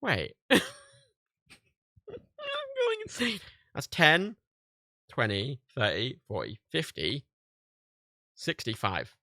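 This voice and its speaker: A man's voice: lowish voice, wildly swooping pitch, slow, long pauses, pushed and bright, no room sound. A young man, tired and rambling, swearing and laughing at himself on a casual livestream. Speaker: livestream host.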